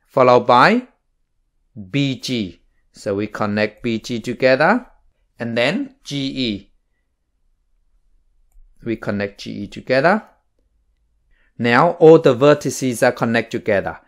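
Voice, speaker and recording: A man teaching a maths lesson, explaining each step slowly and plainly. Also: mid-range voice, sing-song. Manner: slow, plain stepwise explaining.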